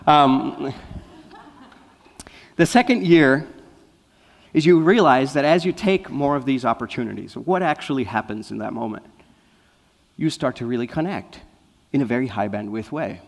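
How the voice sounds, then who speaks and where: A man giving an inspirational talk as a guest speaker, telling lively stories and often checking in with "right?". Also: mid-range voice, moderate pace, vocal fry, pauses often. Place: spiritual center hall. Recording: long reverb of a large hall.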